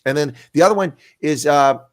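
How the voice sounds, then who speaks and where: His voice is a little high, the sound clean and echo-free, studio-like. The speaker, a retired colonel and intelligence analyst, argues bluntly and emphatically at a rapid clip during a frank political discussion on a video call.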